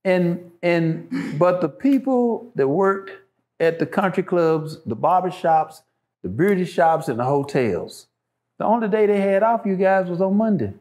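A man appears as a show guest with a high, expressive voice that is darkish in tone and measured in pace. His casual talk is impassioned and emphatic, and he repeats phrases to drive his points home.

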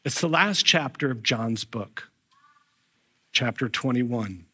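A man's voice: mid-range voice, slow pace, slightly rough. Guy pastor preaching, swoops up and down a lot, acts out the voices in his stories. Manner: animated, acts out voices in retold scenes. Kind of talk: storytelling sermon.

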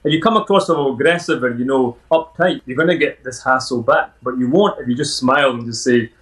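A man's voice: medium pitch, fast, a bit bright, poor audio. Upbeat Scottish man telling stories. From Scotland. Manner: upbeat, anecdotal, laughs often. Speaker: podcast guest. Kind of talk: casual interview storytelling.

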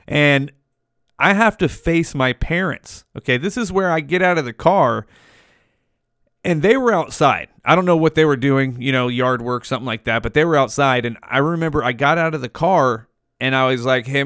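Smooth-voiced man telling a wild story. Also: mid-range voice, fairly bright tone, no echo, studio quality. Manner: laid-back, heavy swearing, keeps saying dude. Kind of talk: casual storytelling to camera.

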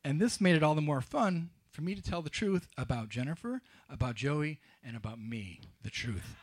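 A man's voice: mid-range voice, expressive, normal speed. Wry confessional male storyteller. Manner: wry, confessional, with dry humor. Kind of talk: live personal storytelling.

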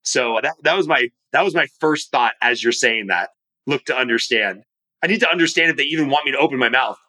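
A man talks on a podcast in an animated, rambling way, often restarting mid-sentence. His voice is bright and forceful. His pitch sits in a middling range for a man. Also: brisk, poor audio. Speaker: podcast guest, mortgage professional and coach. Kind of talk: casual conversational podcast talk. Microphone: remote studio microphone.

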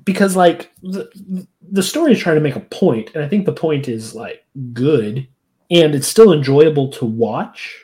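Podcast co-host, warm and dark tone, very expressive pitch, laughs a lot. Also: a little slow. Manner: animated, laughs often, acts out quoted lines with big pitch jumps. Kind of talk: casual chat.

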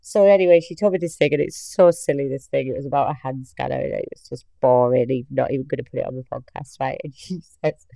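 A woman's voice: extremely low pitch, quick pace, vocal fry, few pauses, mellow, no room sound, poor audio. A woman hosting a podcast, telling workplace stories in a chatty way and laughing as she goes. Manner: chatty, laughs through her own stories, quotes coworkers. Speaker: podcast host. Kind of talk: casual storytelling monologue.

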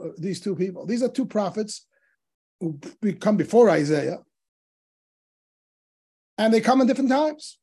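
A man, a rabbi teaching a Talmud class, telling stories in an animated way and acting out the dialogue of the sages. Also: high voice, normal speed, long pauses, slightly rough. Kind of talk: Torah class storytelling.

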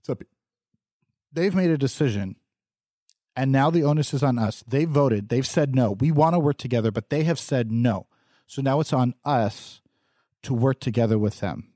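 Mellow-voiced man, animated podcast co-host. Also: mid-range voice, normal speed, no echo, clean studio sound. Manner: animated, reads quotes aloud and talks back. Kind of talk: casual discussion.

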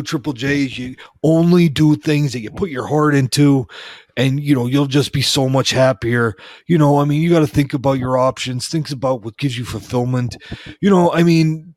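A man's voice: medium pitch, darkish tone, no echo. Man, rambling comic storyteller, lots of "you know", dry close mic. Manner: rambling, heavy with fillers and restarts. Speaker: former wrestling referee telling stories.

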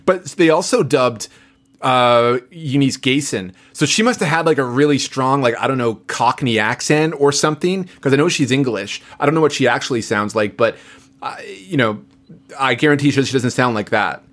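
A man's voice: mid-range voice, normal speed. Chatty man musing about old films. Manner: chatty, animated, trails off with fillers. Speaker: podcast co-host. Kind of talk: casual film discussion.

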